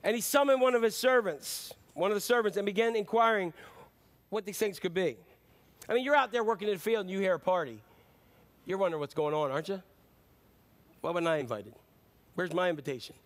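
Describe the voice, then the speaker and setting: A man's voice: high voice, fast talker. A middle-aged man preaching a sermon in a conversational way, acting out the lines of Bible characters. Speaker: pastor.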